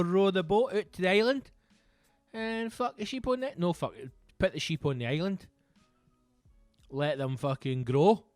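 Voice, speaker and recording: A Scottish man with a fairly high voice hosts a podcast on his own, rambling through casual, comedic chat packed with jokes and swearing. There is no room sound.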